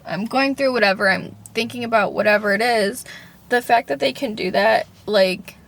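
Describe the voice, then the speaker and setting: A woman's voice: a little high, normal speed, vocal fry, fairly bright tone. A young woman talking casually to camera in a personal vlog, rambling, filling with "like" and swearing freely. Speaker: vlogger.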